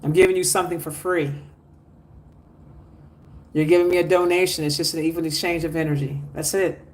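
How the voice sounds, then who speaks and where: A man's voice: fairly high pitch, little pitch movement, fairly quick. A man hosting a spiritual livestream, reading out viewer comments and urging people to like, share and donate. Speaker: spiritual teacher.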